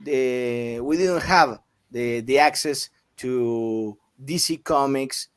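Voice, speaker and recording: Slow, halting man interviewing. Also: mid-range voice, clean tone. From Argentina. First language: Spanish. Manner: halting, many fillers and restarts. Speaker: interviewer, host.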